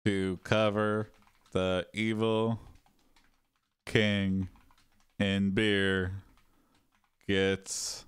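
A man hosting an improvised AI adventure game, slowly dictating story actions in halting pieces. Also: low voice, flat delivery, clean tone, no room sound. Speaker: host typing story prompts. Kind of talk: improvised game play, casual.

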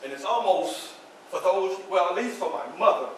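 A man's voice: high-pitched, expressive, normal speed, a bit bright, slight background noise. An actor playing an earnest, grave formerly enslaved man in a theatrical first-person monologue, with emphatic storytelling and dramatic repetition. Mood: solemn. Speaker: historical reenactor. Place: library event room. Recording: echoey room from a distant camera.

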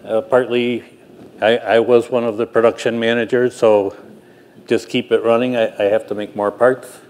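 An older man, a production manager, telling a self-deprecating story with frequent halting restarts. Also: mid-range voice, flat delivery, darkish tone. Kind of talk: anecdotal storytelling talk.

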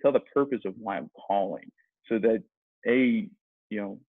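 A man's voice: on the low side, normal speed, slightly rough, no room sound. A man, a sales rep, talking casually as a podcast guest, rambling with many restarts. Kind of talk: conversational interview. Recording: tinny phone-like line, dry.

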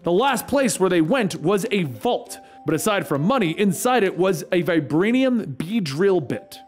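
A man narrating a comic book story recap with brisk, animated storytelling. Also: high-pitched, soft background music.

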